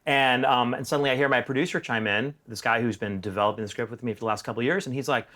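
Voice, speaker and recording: A middle-aged male screenwriter telling a story in a casual, animated way, acting out the other people. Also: mid-range voice, rapid-fire. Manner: animated, acts out voices. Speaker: screenwriter, guest.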